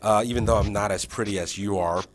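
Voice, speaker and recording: A man's voice: fairly low pitch, steady tone, fast, crowd noise. A man training a new teacher in a casual session, checking in often with frequent fillers and restarts.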